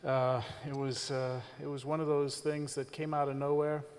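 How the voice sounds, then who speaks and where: A man with a South African accent, a visiting reverend giving a candid personal testimony during a church service, speaking in a measured way with frequent pauses. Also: medium pitch, level tone, darkish tone, in a large hall. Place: church stage.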